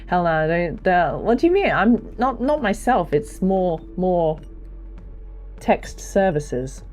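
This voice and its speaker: Low-voiced woman, rambling livestream chat. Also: big pitch swings, slow pace, a little mellow, soft background music. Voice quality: low, deep voice. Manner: rambling and chatty, self-deprecating, with many fillers and restarts. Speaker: streamer and hobby voice actor. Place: home streaming setup. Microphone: desk mic on a stand.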